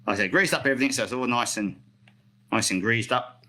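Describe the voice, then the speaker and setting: A man's voice: medium pitch, fast, pushed and bright, poor audio. A middle-aged man with an Australian accent, rambling chattily through a live skate maintenance demo and correcting himself as he goes. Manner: chatty, rambling, self-correcting, reads out viewer comments. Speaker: roller skate hobbyist demonstrating maintenance. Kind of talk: casual live-stream tutorial.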